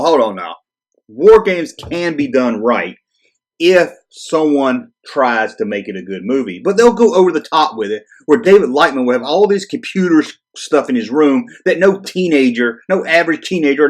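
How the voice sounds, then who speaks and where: A man in the middle of a casual, exasperated rant, his voice sitting at an ordinary pitch. He sounds sarcastic and fed up, and he swears freely as he reacts to each item. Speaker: channel host. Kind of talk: casual ranting commentary.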